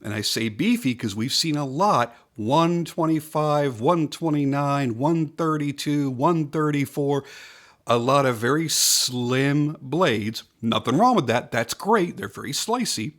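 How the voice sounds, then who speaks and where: A man's voice: fairly high pitch, animated, measured pace, fairly bright tone. A man reviewing a pocket knife in a casual, enthusiastic way, stressing and repeating his points.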